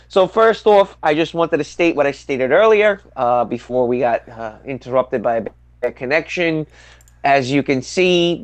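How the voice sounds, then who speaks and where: In a dry recording, a man with a medium-pitched voice hosts a podcast. What starts as casual conversation turns into forceful political commentary, with points hammered home through repetition.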